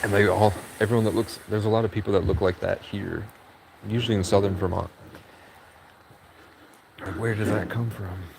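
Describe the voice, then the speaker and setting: A man's voice: fairly low pitch, fairly even intonation, normal speed, gravelly, pauses often, heavy background noise. Give me a wired, sleep-deprived young man rambling on a phone stream. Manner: rambling, jittery, swears freely. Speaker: livestreamer. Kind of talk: casual rambling livestream chat. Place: at a car service garage, outdoors.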